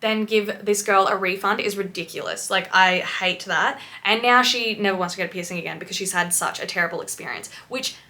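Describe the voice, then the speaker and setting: A woman's voice: medium pitch, brisk, hardly any pauses, bright, forceful tone. A woman piercer reacting to clips in casual commentary, explaining patiently and swearing bluntly.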